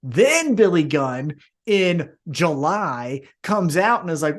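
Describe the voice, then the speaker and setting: Animated, swearing male podcast co-host. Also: on the high side, slow pace. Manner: animated, swearing, acts out wrestlers in jumpy voices. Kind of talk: casual podcast chat.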